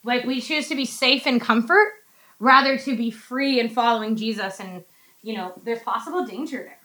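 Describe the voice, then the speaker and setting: A woman teaching a casual Bible study, chatty and animated, acting out quotes from the text. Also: fairly high pitch, normal speed, reverberant, poor audio.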